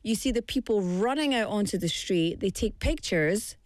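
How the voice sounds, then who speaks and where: A woman's voice: medium pitch, expressive, moderate pace, no echo. A woman hosting a show in casual, chatty talk, rambling with asides and filler words. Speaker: show host. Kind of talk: casual chat.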